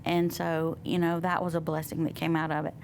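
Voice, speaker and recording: A woman guest sharing a personal testimony in conversation, soft and reflective, pausing often. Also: deep voice, completely flat delivery, gravelly, a little hiss or hum. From Southern United States. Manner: soft, reflective, with many pauses and fillers. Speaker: interview guest.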